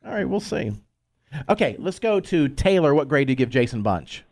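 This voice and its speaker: A man's voice: on the high side, big pitch swings, moderate pace, darkish tone. A man hosting a morning radio show, running the segment with playful, teasing banter. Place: radio studio.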